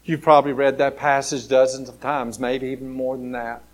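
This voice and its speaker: A man's voice: mid-range voice, little pitch movement, moderate pace. A man from Alabama with a Southern American accent, preaching a sermon. He talks conversationally and repeats his key phrases for emphasis. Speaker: pastor.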